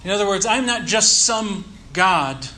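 A man preaching a sermon, teaching earnestly and leaning slowly on key words. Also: high voice, expressive, bright, forceful tone. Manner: earnest teaching tone with slow emphatic stresses. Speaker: pastor.

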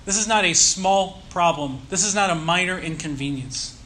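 A man preaching a sermon, teaching earnestly and leaning slowly on key words. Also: high voice, pushed and bright, a little hiss or hum. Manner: earnest teaching tone with slow emphatic stresses. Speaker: pastor.

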